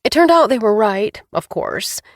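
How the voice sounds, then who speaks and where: A woman narrating a novel in the first person as an audiobook reader, with even, clear storytelling. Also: mid-range voice, normal speed, dry recording, studio quality.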